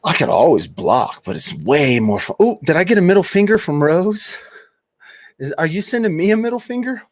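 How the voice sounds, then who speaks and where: Teasing dad on a late-night livestream. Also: male voice, fairly high pitch, sing-song, moderate pace, no room sound. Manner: teasing, reads out and answers chat comments. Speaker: livestream host reading chat. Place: home room at a computer.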